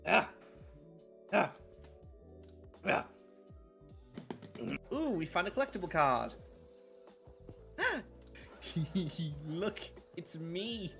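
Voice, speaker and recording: A woman with a Welsh accent giving excitable let's-play commentary, squealing at what happens in the game. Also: fairly low pitch, takes it slowly, creaky, pauses often, faint music behind. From Wales. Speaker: gaming video host.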